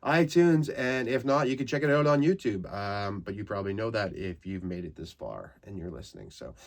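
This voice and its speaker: A man's voice: lowish voice, lively intonation, a little fast, slight background noise. A man from Canada hosting a comedy podcast, rambling through crude stories with frequent laughs. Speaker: podcast host. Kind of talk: casual comedic monologue.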